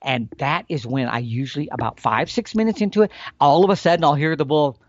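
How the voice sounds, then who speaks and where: A man explaining elk calling tactics in a folksy, animated storytelling manner. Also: on the high side, a little fast, dull audio. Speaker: elk hunting instructor.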